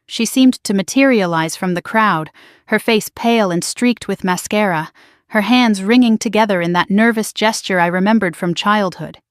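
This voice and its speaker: A woman narrating a dramatic first-person story in a measured, steady way. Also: mid-range voice, no room sound, studio quality.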